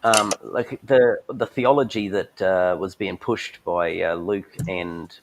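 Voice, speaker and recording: A man with a fairly low voice talks in a loose, irreverent way and swears now and then. He is blunt and offhand. A faint hiss runs under the recording. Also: fairly even intonation, takes it slowly. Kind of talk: casual chat.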